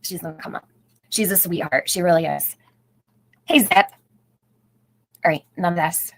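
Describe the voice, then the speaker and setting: A woman's voice: fairly low pitch, sing-song, moderate pace, creaky, rough recording. A middle-aged woman hosting a casual livestream, chatting, greeting viewers by name and laughing often. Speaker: livestream host.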